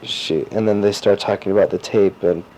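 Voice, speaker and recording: A teenage boy recording a personal audio diary, rambling and halting with lots of fillers and restarts. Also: lowish voice, fairly even intonation, darkish tone. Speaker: diarist. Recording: dull lo-fi cassette tape with faint hiss.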